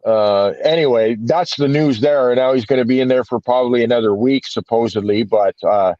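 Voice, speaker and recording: A man's voice: mid-range voice, a little fast, warm tone, dry recording. A man in casual podcast chat, telling a rambling story full of swearing and filler words. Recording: dull, dry lo-fi podcast audio.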